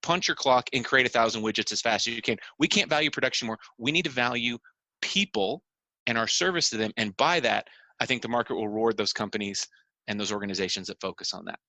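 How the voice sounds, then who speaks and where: A man's voice: mid-range voice, fast, pushed and bright, no room sound. A man on a podcast explaining his views earnestly, making his points through repeated phrases and everyday examples. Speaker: podcast co-host.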